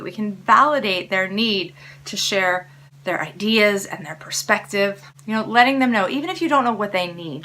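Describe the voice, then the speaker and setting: This parenting host offers relaxed, encouraging advice straight to her audience in a coaching tone. She has a mid-range, bright voice with a forceful edge, and a faint hiss or hum runs underneath.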